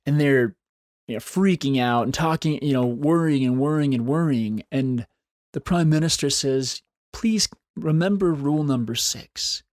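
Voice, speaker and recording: A man's voice: medium pitch, no room sound. Earnest encouraging man, dry close sound. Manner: earnest, encouraging, repeats phrases for emphasis. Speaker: podcast host. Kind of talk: solo motivational podcast talk.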